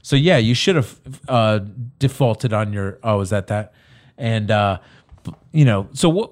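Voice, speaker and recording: A man in casual political banter, rambling and animated, restarting his sentences. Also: fairly low pitch, measured pace.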